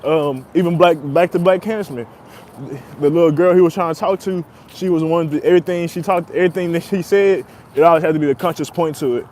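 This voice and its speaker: Young male podcaster, fairly high voice, loose slangy delivery, laughs a lot, faint street noise behind. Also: quick pace, darkish tone. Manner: laid-back, laughs often, slangy and profane. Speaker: podcast host. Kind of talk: casual monologue.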